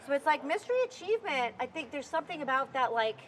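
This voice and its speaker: A woman's voice: sits high, expressive, fast talker, fairly bright tone, slight background noise, rough recording. A woman in casual chat about music, rambling with lots of fillers and restarts. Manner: rambling, filler-heavy with many "like"s. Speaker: podcast co-host.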